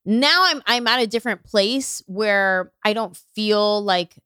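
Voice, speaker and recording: A woman who is a comedian, guesting on a podcast and chatting in an animated way, acting out the voices in her stories. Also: mid-range voice, a little slow, smooth, no echo, studio quality. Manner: animated, acts out quoted voices. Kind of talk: casual interview chat.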